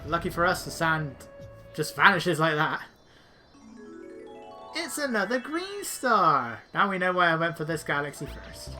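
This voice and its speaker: A woman talks through a video game in casual commentary, making dry, joking remarks as she plays. Her voice sits on the low side but has a bright, crisp edge. Faint game music plays underneath. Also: big pitch swings, a little slow, pauses often. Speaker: let's player.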